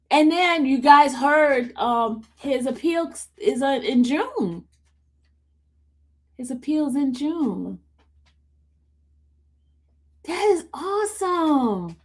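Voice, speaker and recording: A woman streamer with a very high, lively voice talks casually to her viewers and her dog. She exclaims a lot and bounces around in pitch. She takes her time with her words. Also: drawn-out words, long pauses. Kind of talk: casual live stream chat.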